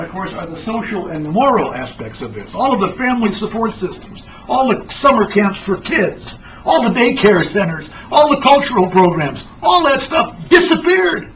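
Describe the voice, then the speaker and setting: A man giving an animated, emphatic lecture talk, recorded on a distant, dull lo-fi mic with faint noise. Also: sits high. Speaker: speaker.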